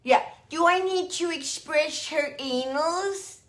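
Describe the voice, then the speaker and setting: A woman voicing a fussy female dog groomer in a slow, sing-song, overly sweet way. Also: high-pitched, a bit bright, voice pushed up. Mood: cooing.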